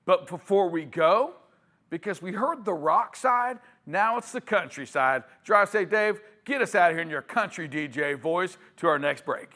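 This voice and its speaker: A man hosting a live trucking show, chatty and energetic, who keeps tossing to his co-host by name. His voice runs high for a man, with a ringing, vivid edge. The banter is delivered fast and upbeat from the studio.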